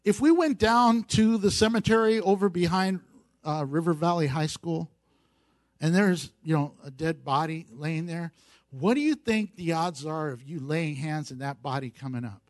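A man's voice: fairly high pitch, moderate pace, no room sound. A man preaching a sermon as pastor at a church service, building emphasis with repeated phrases and dropping in playful asides.

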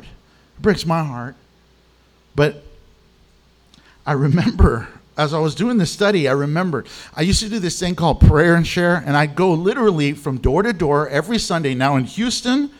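A man delivers a sermon in a notably high voice. He tells stories in an animated way and acts out the voices of the people he quotes. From Mexican. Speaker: pastor.

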